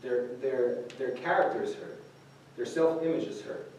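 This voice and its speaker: A man's voice: mid-range voice, moderate pace, a little mellow, a little hiss or hum. A man giving an informal sermon to a group, talking casually with many fillers and restarts. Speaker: youth speaker. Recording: echoey room recorded from a distance.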